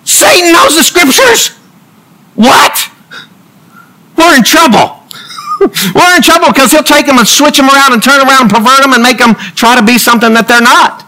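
A man's voice: extremely high pitch, moderate pace, long pauses, sharp tone, rough recording. A man preaching a humorous sermon, full of jokey asides and laughter.

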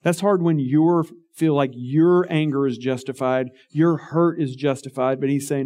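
A man's voice: a little high, fairly even intonation, unhurried, hardly any pauses, dark tone. A man preaching a sermon as pastor, earnest and emphatic, often putting rhetorical questions to his listeners.

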